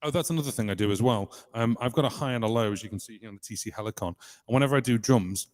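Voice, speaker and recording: A man from the United Kingdom casually explaining his loop pedal setup during a live stream, chatty and hesitant, with filler pauses. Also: medium pitch, darkish tone, big-room sound. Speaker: musician demonstrating a loop pedal.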